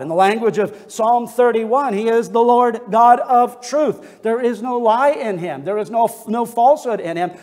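A man's voice: high voice, darkish tone. A male pastor preaching an earnest, expository sermon from the pulpit, using pointed rhetorical questions. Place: church sanctuary. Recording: long hall reverb.

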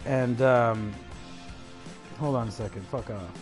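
Faint music plays behind a man whose medium-pitched voice moves at a slow pace. Swearing constantly on a livestream, he rants aggressively, taunts, mumbles side remarks, and chuckles.

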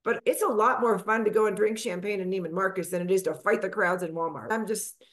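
A middle-aged woman from Texas, a financial advisor guest, telling her story in a lively conversational way and acting out the people she quotes. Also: fast talker. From Texas, USA. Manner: animated, acts out quotes with big pitch jumps.

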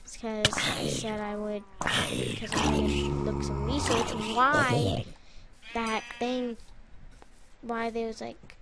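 A woman giving casual, rambling gameplay commentary, excitable and prone to loud outbursts, with music behind her. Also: medium pitch, takes it slowly, gravelly, long pauses, very noisy. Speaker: gaming YouTuber.

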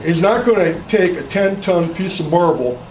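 A man's voice: high-pitched, normal speed, darkish tone, slight background noise. Folksy man, rambling, distant mic. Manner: folksy, rambling, tells jokes, restarts words. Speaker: chainsaw carving instructor. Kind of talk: casual workshop talk to an audience. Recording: distant mic, faint room ambience.

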